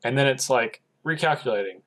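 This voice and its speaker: A podcast co-host with a mid-range voice talks fairly quickly as he casually recaps an episode's plot. He tells it in an animated way, acting out the characters' quoted lines.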